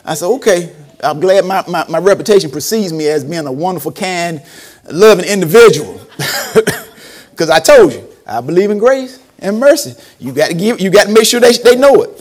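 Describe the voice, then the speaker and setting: Animated preacher with a high voice. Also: male voice, normal speed. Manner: animated, acts out quotes, laughs often. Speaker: preacher and former school principal. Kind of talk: storytelling sermon.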